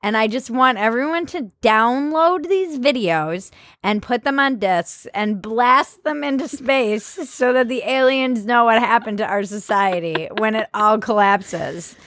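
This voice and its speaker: A woman hosting a casual chat, sarcastic and animated and laughing often. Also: on the high side, a little slow. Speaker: host.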